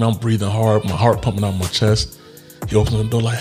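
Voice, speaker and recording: A man's voice: fairly low pitch, steady tone, fast, over music. A man telling a personal story in a candid, reflective way, laughing often and swearing casually as he works through grief. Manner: reflective and grieving.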